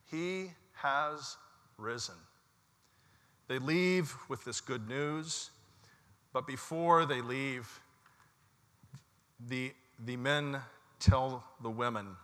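A man preaching an Easter sermon as pastor, telling the story slowly and leading his congregation in call-and-response. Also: medium pitch, fairly bright tone, in a large hall. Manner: slow, measured storytelling with call-and-response prompts. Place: church sanctuary.

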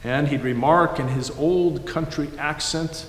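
A man delivering a sermon in a measured storytelling manner. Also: on the high side. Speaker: preacher. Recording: echoey hall, faint background noise.

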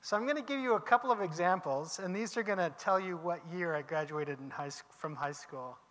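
Bright, high-voiced male teacher, animated classroom lecture with reverb. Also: a little fast. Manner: lively, questions the class, emphatic exclamations.

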